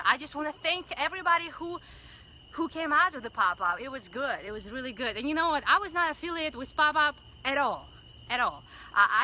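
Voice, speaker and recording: Bright, excited livestream woman. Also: high voice, a little hiss or hum, rough recording. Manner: excited, gushing, greets viewers by name. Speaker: community livestream host. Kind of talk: Facebook Live chat and prayer. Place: outdoors by a building, livestreaming. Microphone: phone livestream.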